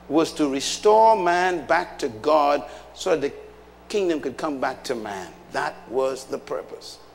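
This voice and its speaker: A man's voice: on the high side, creaky, a little hiss or hum. A man preaching a sermon, emphatic, putting questions to the congregation. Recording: long hall reverb.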